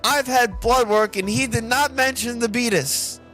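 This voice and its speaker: A man's voice: extremely high pitch, measured pace, pushed and bright, faint music behind. A man chatting casually while he plays a game, rambling and joking, with a lot of swearing. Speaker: streamer. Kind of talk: casual chat while gaming.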